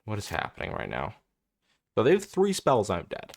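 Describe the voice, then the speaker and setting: A young content creator comments on his own card game match while playing, thinking aloud, swearing and growing exasperated. His gravelly voice is fairly low, swoops wildly in pitch, and moves at a moderate pace.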